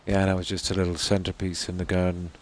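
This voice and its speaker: This man's voice is low and monotone, with slight background noise behind it. He's at home at night, easygoing and rambling as he talks over a game on a live stream, pausing often and saying "you know" again and again.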